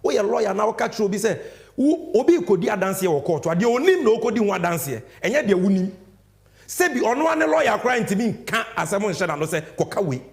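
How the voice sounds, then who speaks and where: A man's voice: high voice, brisk, gravelly. A young man with a Ghanaian accent giving fiery, emphatic political commentary and addressing his audience directly. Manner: animated, emphatic, switching between English and Twi.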